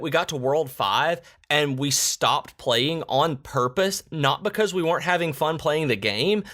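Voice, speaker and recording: A married man co-hosting a podcast in casual chat, telling stories with lively bursts. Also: mid-range voice. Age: adult, married. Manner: animated storyteller, jumps to shouts when acting out quotes. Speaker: podcast co-host.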